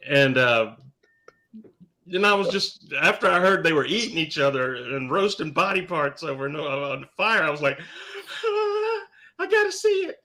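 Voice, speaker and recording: Podcast co-host, male, bright tone, lively pitch, halting delivery with frequent restarts. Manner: halting, restarts a lot, joking. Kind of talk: casual chat.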